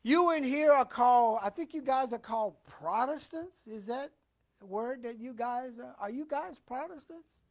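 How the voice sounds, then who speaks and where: A man with a high voice leads a Bible study in a church. He reads scripture slowly and with emphasis, then breaks off to talk loosely and ask the room questions. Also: expressive. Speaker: preacher. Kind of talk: Bible teaching sermon. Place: church hall.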